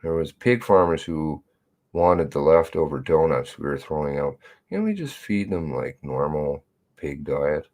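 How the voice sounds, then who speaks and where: A man's voice: a bass voice, very animated, unhurried, a little mellow. A man hosting a live stream, chatting in a rambling way and reading viewers' comments and emails aloud, with blunt, casual swearing. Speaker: livestream host.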